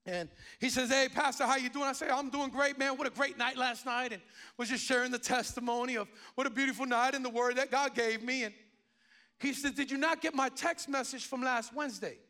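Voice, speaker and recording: A man in his forties preaching a sermon as pastor, telling a story with lively restarts and repeated words. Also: very high voice, brisk. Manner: animated storytelling with many restarts.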